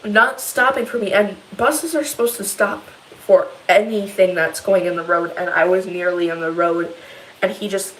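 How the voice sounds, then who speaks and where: A teenage girl telling a long, rambling story in a casual vlog, upset and animated as she retells it. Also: medium pitch, moderate pace, slight background noise, low-quality recording. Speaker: vlogger.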